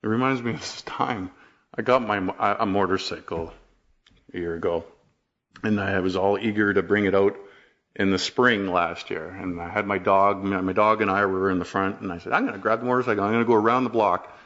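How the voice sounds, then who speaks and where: A man's voice: low voice, normal speed, muffled recording. A man preaching a sermon, telling stories and asking rhetorical questions. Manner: storytelling, animated, rhetorical questions.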